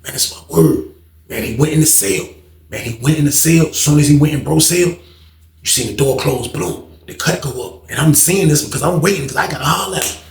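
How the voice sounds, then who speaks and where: A man telling a prison street story in a casual, animated way, acting out the voices and sound effects. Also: a little high, a little fast, vocal fry, reverberant.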